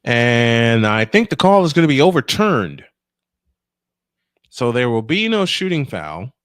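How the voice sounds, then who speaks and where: A man's voice: medium pitch, very animated, unhurried, a bit bright, clear, resonant tone, dry recording, clean studio sound. A male play-by-play announcer calling a basketball game in a chatty style, full of rambling, self-deprecating asides.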